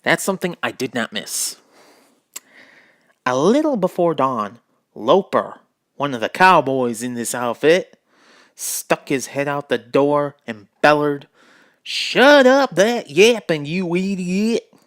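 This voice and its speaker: Slow, dry-voiced man reading a storybook aloud. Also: medium pitch, expressive, fairly bright tone, dry recording. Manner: breaks off reading to mock the text; puts on a drawl for the narrating dog. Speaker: reader of a children's book. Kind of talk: reading aloud with joking asides.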